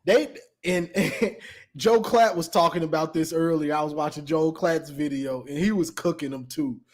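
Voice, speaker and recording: A man hosting a live sports call-in show, telling a trash-talk story with laughter and lots of quick restarts. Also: on the high side. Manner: animated storytelling, acting out both sides of a trash-talk exchange with laughter; frequent stammered restarts.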